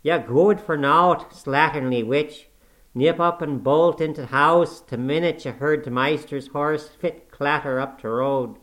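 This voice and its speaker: Man putting on a grumbling old servant, preachy, loud, drawn-out, storybook reading. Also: medium pitch, lightly acted. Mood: spiteful. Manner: slow, loud, preachy ranting. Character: cantankerous old male servant, pious and scolding.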